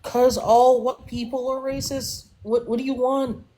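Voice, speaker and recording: A man's voice: extremely high pitch, little pitch movement, unhurried, dark tone, slight background noise. Defensive man in a panel argument. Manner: defensive, exasperated, casual slang. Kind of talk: heated live panel argument.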